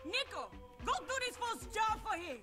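A woman's voice: very high-pitched, sing-song, normal speed, over music. An actress playing a hard-nosed, foul-mouthed female crime boss in a video game, blunt and bossy. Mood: angry.

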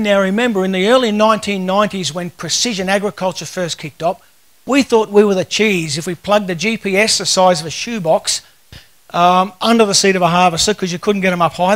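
A man's voice: high-pitched, brisk, fairly bright tone. A man in his fifties with an Australian accent, giving a casual, joking conference talk full of stories. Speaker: conference speaker.

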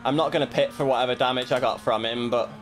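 A man's voice: mid-range voice, fairly even intonation, fast, slight background noise. Self-critical man commentating his own race. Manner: self-critical, muttering asides. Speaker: sim racing streamer. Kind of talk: casual commentary while racing.

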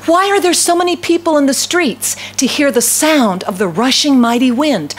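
Her voice sits a little high and sounds animated, moving at a moderate pace over slight background noise. She is a pastor from the American South with a light accent, and in her sermon she keeps asking the congregation rhetorical questions.

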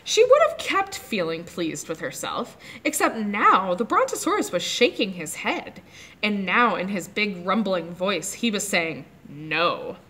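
A woman reads a chapter book aloud at children's story time, her voice swooping up and down with lively expression. She stops now and then to ask the kids about the pictures. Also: medium pitch, a little slow, slightly rough. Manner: animated, asks the kids questions about the pictures.

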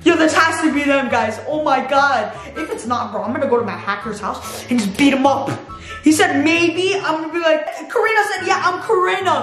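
A young woman with a very high, excitable voice vlogs to her viewers. She laughs often as she reads text messages aloud. The room is echoey, and faint music plays in the background. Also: fairly quick. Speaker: youtuber. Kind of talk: reading texts aloud to camera.

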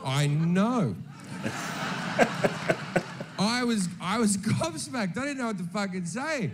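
A man's voice: high voice, animated, slow pace, background noise. An Australian man doing stand-up, telling a story in a brash, profane, punchy way. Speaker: stand-up comedian.

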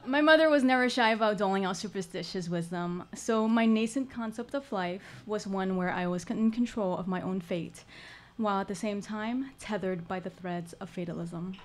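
A woman's voice: mid-range voice, normal speed, a little hiss or hum. A woman performing a personal story live at a storytelling showcase, with a wry, humorous delivery and dry asides.

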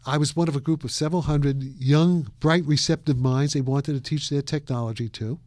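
New York-raised guest, around 80, high-ish voice, animated and rambling, dry close sound. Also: male voice, a little fast, no room sound. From New York, USA. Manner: animated, laughs often, trails off and restarts. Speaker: interview guest, physicist. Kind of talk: rambling interview storytelling.

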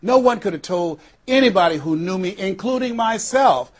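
A man from Miami, Florida, giving a motivational speech, emphatic and repetitive, slowing down on key phrases with dramatic pauses. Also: high-pitched, expressive. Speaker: motivational speaker.

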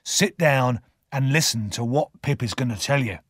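A man voicing an old male escaped convict, speaking slowly and weightily. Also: mid-range voice, fairly bright tone, breathy edge, no echo, studio quality. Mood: solemn.

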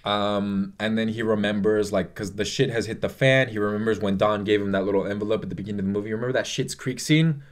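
A man's voice: on the low side, fairly even intonation, fast talker, hardly any pauses. A young man vlogging a casual, emotional movie review, swearing often and rambling with fillers.

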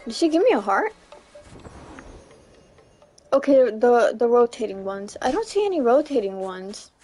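Young female streamer, high and unhurried, chatty with squeals of excitement, faint game music underneath. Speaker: livestreamer. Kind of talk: casual gameplay livestream chat.

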